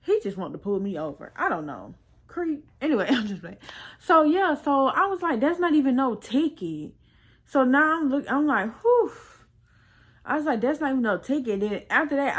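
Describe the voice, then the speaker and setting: A woman's voice: medium pitch, a bit bright. A young woman casually telling a personal story on her vlog, chatty and full of slang, often quoting what others said. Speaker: storytime vlogger.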